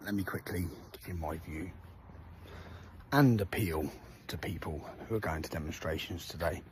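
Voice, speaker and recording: A man's voice: low voice, very animated, normal speed, a little mellow, slight background noise. A man giving a heated, emphatic message to the public, swearing and asking "yeah?" after his points. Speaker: activist addressing the public. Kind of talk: direct-to-camera video message.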